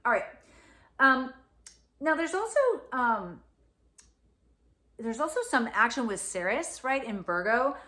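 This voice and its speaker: A woman's voice: on the high side, animated, slow pace, long pauses, sharp tone. A woman astrologer giving a casual spoken forecast, chatty, with many fillers and "right?" asides.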